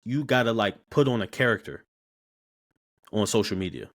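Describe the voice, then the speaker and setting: A man, telling stories as a podcast guest in a loose, slangy, animated way. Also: fairly low pitch, moderate pace. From Baltimore, USA. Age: 20s. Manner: animated, slangy, repeats words when starting sentences. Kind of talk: casual interview storytelling.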